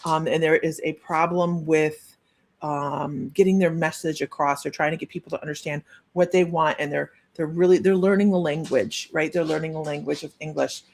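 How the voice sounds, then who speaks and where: A middle-aged woman giving a live-streamed psychic reading, chatty and rambling with many pauses and restarts. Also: low voice, fairly even intonation, gravelly, darkish tone. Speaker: psychic medium.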